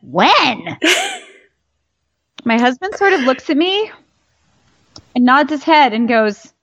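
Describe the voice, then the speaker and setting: A woman telling stories in casual fan chat, animated and emphatic, her voice jumping up for emphasis. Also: sits high, no room sound. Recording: dull lo-fi dry mic.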